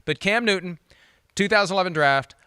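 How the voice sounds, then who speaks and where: A man hosting a casual sports talk show, quick and wry, with a self-mocking humor. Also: sits high, pushed and bright, clear, resonant tone, dry recording, studio quality. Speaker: show host.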